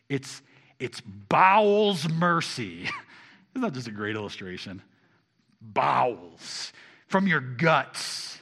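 A man preaching a sermon to a congregation, asking them rhetorical questions and swinging between loud emphasis and quiet asides. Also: medium pitch, sing-song, slow pace, gravelly, breathy edge. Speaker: pastor.

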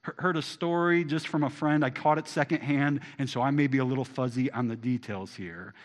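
A man preaching a sermon to a congregation, asking them rhetorical questions and swinging between loud emphasis and quiet asides. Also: medium pitch, steady tone, fairly quick. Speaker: pastor.

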